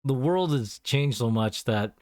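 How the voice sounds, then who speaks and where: A man's voice: mid-range voice, expressive, a little slow, a little mellow, dry recording, studio quality. Rambling man in casual podcast chat. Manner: rambling storyteller, acts out callers in a raised voice. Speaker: podcast co-host.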